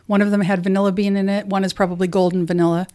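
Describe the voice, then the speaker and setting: A woman's voice: mid-range voice, level tone, racing, warm tone, a little hiss or hum. A woman co-hosting a casual food-tasting chat, chatty and amused as she describes flavors in detail. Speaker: co-host.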